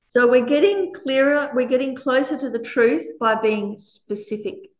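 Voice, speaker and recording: A woman leading a workshop for a small group, lively and laughing often as she acts out quoted lines. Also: high-pitched, moderate pace, few pauses. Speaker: workshop leader. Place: meditation centre room. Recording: echoey room, dull lo-fi sound.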